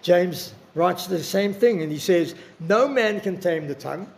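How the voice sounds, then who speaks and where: A man, preaching a sermon in an earnest, personal way and slowing down for emphasis. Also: high-pitched, animated, gravelly. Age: 60s.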